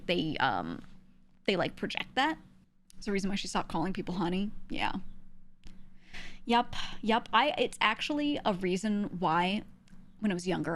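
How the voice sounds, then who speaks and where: A young woman from New York, a streamer talking in a casual, rambling way and laughing often. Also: medium pitch. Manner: rambling, laughs often, trails off with "I don't know".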